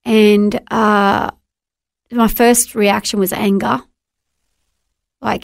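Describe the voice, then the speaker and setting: Woman interview guest, earnest testimony, gravelly fry, dry close sound. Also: medium pitch, little pitch movement, drawn-out words, long pauses, no echo. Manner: earnest, heartfelt storytelling with frequent restarts.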